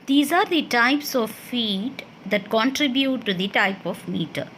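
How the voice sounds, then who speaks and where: A woman's voice: on the high side, expressive, a little slow, a bit bright, a little hiss or hum. A woman college English lecturer with an Indian English accent, explaining step by step and answering her own questions in a classroom lecture.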